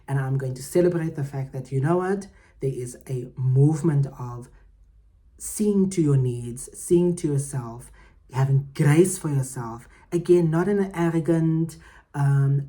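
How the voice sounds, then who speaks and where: A woman hosting her own podcast, giving heartfelt, emphatic motivational talk that swings between loud and soft. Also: very deep voice, measured pace. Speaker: podcast host.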